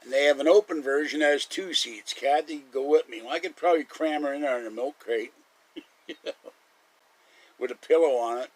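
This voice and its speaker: A man's voice: fairly high pitch, a little fast, low-quality recording. A man hosting a live stream, rambling through casual stories and chuckling often. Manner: chatty storyteller, chuckles often.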